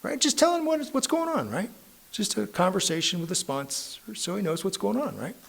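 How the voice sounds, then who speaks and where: A man's voice: high-pitched, animated, a little fast, creaky. A middle-aged man telling his story as a recovery meeting speaker, conversational and self-mocking, with frequent tag questions. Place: recovery club meeting room.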